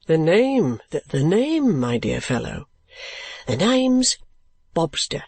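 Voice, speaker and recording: Man doing an excitable eccentric clerk, high squeaky lifts, stammering, fluttering, dry close sound. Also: takes it slowly, vocal fry, breathy edge, no room sound, full character voice. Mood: excited. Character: excitable middle-aged male clerk, eccentric. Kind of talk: audiobook character voice.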